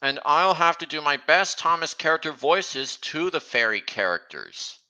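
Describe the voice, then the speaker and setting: A man chatting casually on a stream, talking slowly and haltingly with frequent restarts. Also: fairly high pitch, very animated, bright, forceful tone, rough recording. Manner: halting, many restarts, slow and meandering. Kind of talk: casual chat.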